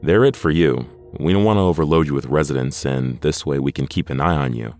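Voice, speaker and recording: A man voicing an intimidating, swaggering male nursing aide with a rumbling voice and a cool, quietly threatening manner. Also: a little fast, faint music behind.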